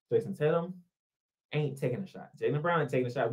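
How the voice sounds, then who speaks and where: A man's voice: medium pitch, quick pace, husky. A man giving a heated solo basketball commentary, ranting and firing rhetorical questions at the team. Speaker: sports blogger.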